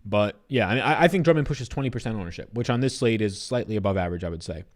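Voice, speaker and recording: Young guy on a betting livestream, rattles off picks super fast, loose and chatty, swears a bit. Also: on the low side. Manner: fast, animated, loose and profane. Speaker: sports betting livestream host. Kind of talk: casual livestream chat reading viewer comments.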